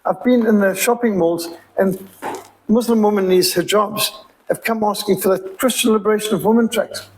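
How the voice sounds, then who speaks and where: A man's voice: high voice, steady tone, fairly quick, poor audio. A man with a Rhodesian accent giving an emphatic, preacherly sermon-style appeal as a missionary speaker. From Zimbabwe.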